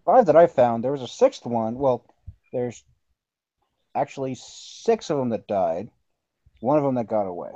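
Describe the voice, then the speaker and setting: A man's voice: medium pitch, big pitch swings, moderate pace, pauses often, warm tone, dry recording. Laid-back man on a dull mic. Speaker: player. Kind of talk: in-character role-play.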